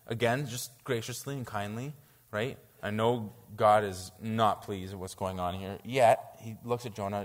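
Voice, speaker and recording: A man preaching a sermon to a congregation, reading scripture aloud and reacting to it with animated disbelief. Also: fairly low pitch, moderate pace, long reverb tail. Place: church.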